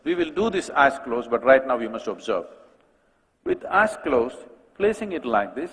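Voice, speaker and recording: Fields: animated man speaking in a hall. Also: mid-range voice, normal speed, breathy edge. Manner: animated, asks rhetorical questions, addresses the audience directly. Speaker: guest speaker at a conference. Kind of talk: public talk to an audience. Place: large conference hall. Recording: long hall reverb.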